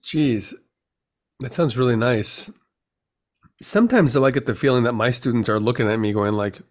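Guy hosting a podcast, rambly and excitable, keeps cutting himself off mid story. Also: medium pitch, fairly quick. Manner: rambling, animated, self-interrupting storyteller. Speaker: podcast host. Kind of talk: casual chat.

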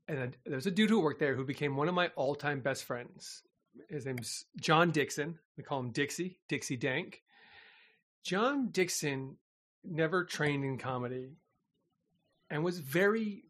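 Guy chatting, kinda high voice, animated storytelling, swears casually.

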